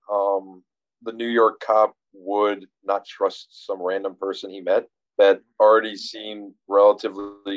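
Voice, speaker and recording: A man with a fairly low voice chats about a movie, circling back on his words and restarting as he thinks. The recording sounds a bit dull and lo-fi. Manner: rambling, many restarts and fillers, reflective. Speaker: podcast co-host discussing a film. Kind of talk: casual conversation.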